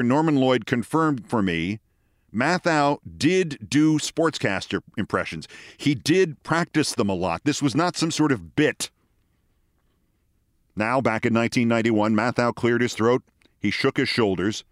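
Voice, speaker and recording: Wry man in his sixties, lively delivery. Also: fairly high pitch, dry recording. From the Bronx, New York. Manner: wry, dry, deliberate. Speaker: host, commentator. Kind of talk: scripted storytelling monologue.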